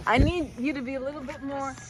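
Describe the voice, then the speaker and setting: A young woman hosting a casual ghost-hunting vlog outdoors by train tracks, joking and crude, loudly calling into the dark. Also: high voice, steady tone, fast, background noise. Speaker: host.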